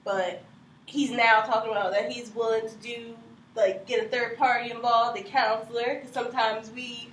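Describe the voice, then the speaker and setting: A woman's voice: fairly high pitch, flat delivery, normal speed, a bit bright. A woman speaking candidly and bluntly in a casual podcast chat, swearing casually. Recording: distant mic in echoey room with faint noise.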